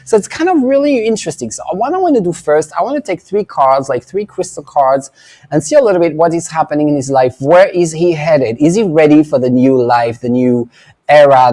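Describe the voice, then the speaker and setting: A man's voice: fairly high pitch, dark tone. A man hosting a weekly live psychic show, chatting casually and rambling with lots of fillers and asides. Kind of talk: casual live-stream chat. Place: indoor room, filming at home.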